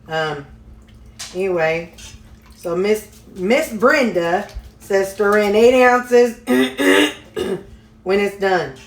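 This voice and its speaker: A folksy woman talks her viewers through a home recipe, calling them y'all as she goes. Her mid-pitched voice rings in an echoey kitchen, with pots and dishes clattering behind her. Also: drawn-out words, long pauses. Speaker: home cooking vlogger. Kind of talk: casual cooking vlog chat.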